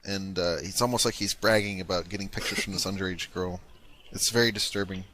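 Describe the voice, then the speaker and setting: A man's voice: low-pitched, steady tone, fairly quick, sharp tone. A man calling on a recorded phone call, polite and hesitant, repeating himself. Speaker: caller.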